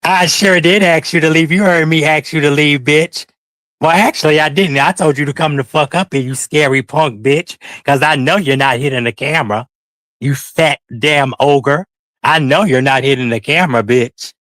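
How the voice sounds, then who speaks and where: A man's voice: on the high side, moderate pace, a bit bright, no room sound. A man streaming commentary, who rants at someone and taunts them with profanity. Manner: profane, taunting, confrontational ranting. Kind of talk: livestream commentary.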